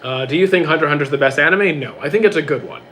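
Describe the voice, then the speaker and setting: A young man streaming live, reading out chat questions and answering them in quick, casual bursts. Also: on the high side, fairly bright tone, slight background noise. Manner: quick, reads questions aloud then answers briefly.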